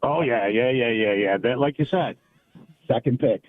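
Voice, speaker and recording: A man's voice: mid-range voice, normal speed, no echo. Male radio caller, casual and hesitant, dry tinny phone line. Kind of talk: phone call to a radio show.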